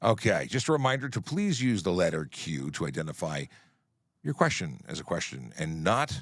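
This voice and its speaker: A man's voice: deep voice, sing-song, normal speed, no echo, clean studio sound. A middle-aged man, a traffic police officer hosting a livestream Q&A, speaking firmly and plainly as he explains traffic rules. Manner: firm, plain-spoken, explains rules while scrolling comments. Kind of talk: livestream Q&A chat.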